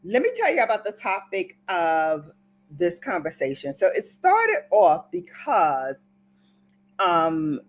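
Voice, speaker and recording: A woman from Brooklyn telling a playful, dramatic story to her viewers in a casual vlog. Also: on the low side. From Brooklyn, New York. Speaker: beauty vlogger.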